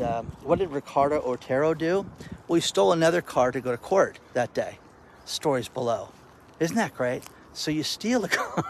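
A male content creator telling stories to camera outdoors in the wind, animated and exasperated. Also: mid-range voice. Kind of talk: casual vlog rant.

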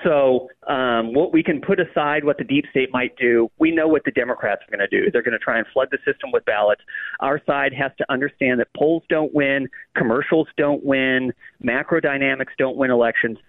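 A man's voice: medium pitch, fairly quick, no echo. Guy calling in as a guest, punchy and emphatic, tinny dry phone line. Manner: emphatic, punchy repeated phrasing. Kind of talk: political commentary.

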